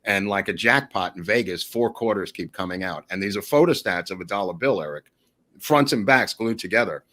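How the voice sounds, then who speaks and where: A man chatting as a podcast guest, telling animated, rambling stories to the host. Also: on the low side, fairly quick. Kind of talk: casual storytelling.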